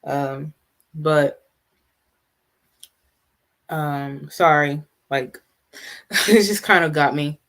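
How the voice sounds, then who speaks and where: Brief: live-stream host, halting off-the-cuff chat, mid-pitched, talks straight to viewers in the chat. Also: a bit bright. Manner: chatty, answers live viewers' comments; halting, many restarts and asides.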